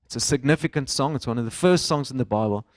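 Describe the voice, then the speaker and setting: Male pastor, 30s, mid-pitched, relaxed conversational sermon, dry close sound. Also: fast, dry recording. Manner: conversational, with fillers and mixed-in Afrikaans phrases. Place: church in front of a congregation.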